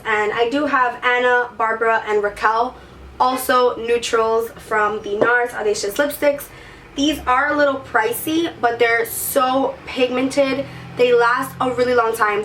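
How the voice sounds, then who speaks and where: A woman's voice: a little high, a bit bright, far from the mic, a little hiss or hum. A woman beauty vlogger chatting to camera while sick with a sore throat, gushing and peppering her talk with "like". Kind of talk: casual chat to camera.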